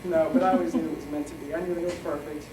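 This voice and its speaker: A man's voice: fairly high pitch, fairly even intonation, noisy background. Rambling middle-aged man giving a wedding toast. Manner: rambling, joking, halting with fillers. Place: wedding reception hall. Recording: echoey hall from far off, crowd chatter.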